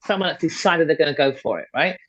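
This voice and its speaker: A woman's voice: sits low, quick pace, a little hiss or hum. A middle-aged woman, a fitness and confidence coach, speaking as a podcast guest in an emphatic, persuasive way and repeating points for stress. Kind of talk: motivational conversational talk. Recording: dull, slightly lo-fi podcast audio.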